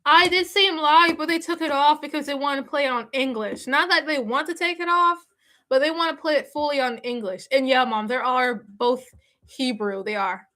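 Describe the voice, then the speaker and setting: A woman talks casually on her live stream, answering comments. Her voice sits a little high and sounds bright and forward. She keeps restarting sentences and filling gaps with fillers. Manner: halting, many restarts and fillers; chatty, answering viewer comments.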